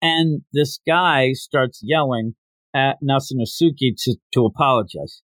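With a measured pace and no room sound, a man co-hosting a manga review podcast chats casually as he retells a story. He performs the characters' lines, lifting his pitch for the quotes.

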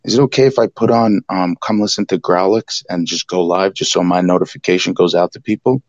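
A man calling in to a live podcast, talking in a hushed, laid-back, halting way. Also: low voice, steady tone, no room sound, muffled recording. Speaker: caller. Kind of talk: casual call-in chat.

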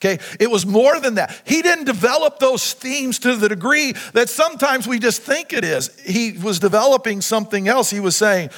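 A pastor preaching a sermon in a high, lifted voice. He keeps turning to the congregation with questions and prompts. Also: animated, moderate pace, few pauses, a bit bright. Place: church sanctuary.

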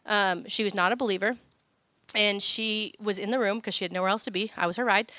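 Bright, clear-voiced woman telling stories. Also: mid-range voice, fairly even intonation, a little fast. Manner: chatty storytelling, many fillers. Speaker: speaker on family prayer. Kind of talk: faith talk with personal stories.

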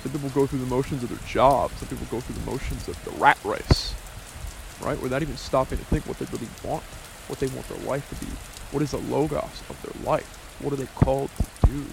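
A man with a gravelly, creaky voice of middling pitch talks through a reflective, philosophizing monologue. He muses earnestly, thinking aloud with asides and fillers. Faint rain patters in the background. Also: fairly quick, noisy background.

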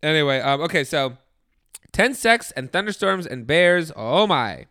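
A young man co-hosting a loose comedy podcast, with a slightly high, bright voice that swoops around a lot. He talks in a crude, joking way and reads listener stories out loud. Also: lively intonation, measured pace, no room sound, studio quality. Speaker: podcast co-host. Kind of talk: casual comedic chat.

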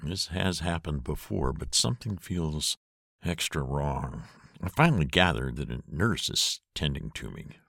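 A man's voice: rumbling low, animated, unhurried, creaky, a bit bright, no room sound, studio quality. A man reading first-person audiobook narration in a weary, sardonic way.

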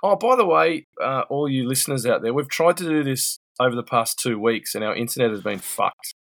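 A man co-hosts a podcast over a video call, talking in a blunt, sweary, rambling way. His voice sits at an ordinary pitch, and the sound is dry and close with no room around it. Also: animated, fairly quick, gravelly, fairly bright tone, no echo. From New Zealand. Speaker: podcast co-host. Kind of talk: casual banter.

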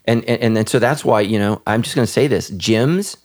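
A man's voice: fairly low pitch, brisk. A man who is a pastor and podcast host, talking earnestly, often repeating words and restarting. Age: adult with children. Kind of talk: casual podcast conversation.

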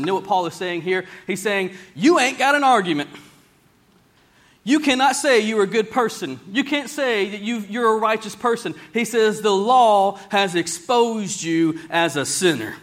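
A man preaching a sermon in a church, plain-spoken and folksy, slowing down whenever he reads scripture aloud. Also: high voice, fairly bright tone.

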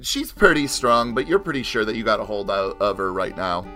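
A man's voice: fairly low pitch, sing-song, a little fast, pushed and bright, soft background music. A man narrating as game master in a tabletop game, hesitant and full of fillers.

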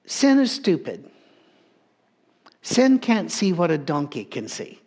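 A man's voice: fairly high pitch, wildly swooping pitch, slow pace, darkish tone. A man preaching a sermon, telling a story in a humorous, conversational way.

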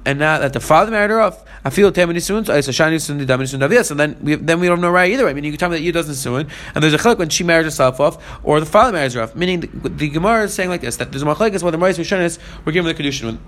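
Fast-talking man teaching Talmud. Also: fairly high pitch, animated, fairly bright tone. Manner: reads Aramaic lines then explains in English. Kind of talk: fast Talmud study lesson.

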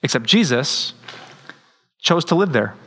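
A middle-aged man, preaching a sermon as pastor in a lively, joking way. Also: fairly high pitch, unhurried. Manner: lively, joking, with frequent laughs.

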